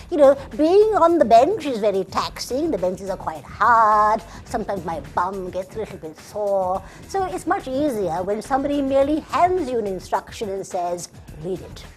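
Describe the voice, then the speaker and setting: A smug, plummy judge, put on by a woman, drawling in a cultivated voice that lilts up and down with great liveliness. The pitch sits rather high and bounces around, with faint music under the voice. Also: very animated, normal speed, few pauses. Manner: plummy, drawling, self-satisfied. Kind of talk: comic character sketch.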